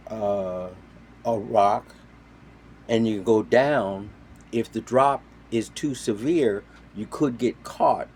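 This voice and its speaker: A man casually telling a story, animated, jumping between loud quoted voices and quiet asides. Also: mid-range voice. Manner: animated, acts out quoted voices with sudden loud and soft swings. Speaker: storyteller on a talk show.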